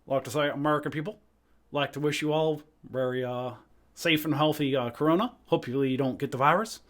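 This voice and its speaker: Man doing a president impression, brisk, halting, filler-heavy, fairly high voice. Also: fairly bright tone, close to an everyday voice. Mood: earnest. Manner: quick, halting well-wishes with many fillers. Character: impression of a former male president.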